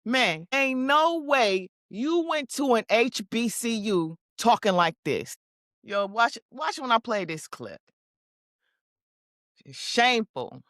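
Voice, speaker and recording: A woman's voice: fairly high pitch, sing-song, slow, fairly bright tone, no echo. Slangy, mocking woman with dry close sound. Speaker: commentary show host. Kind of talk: casual commentary on news clips.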